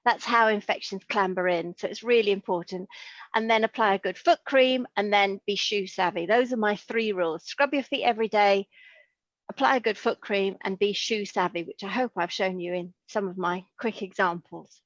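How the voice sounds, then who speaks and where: A woman's voice: mid-range voice, moderate pace, no echo. A middle-aged woman from Liverpool, a consultant podiatrist, talks eagerly and chattily, with plenty of asides. Her call audio is dry and a little muffled. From Liverpool, England. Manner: chatty, enthusiastic, full of asides. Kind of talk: interview over video call.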